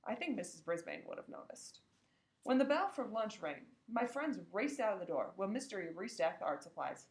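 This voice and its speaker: A woman reading a children's book aloud, expressive and acting out the characters. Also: medium pitch, a little fast. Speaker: reader. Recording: echoey room.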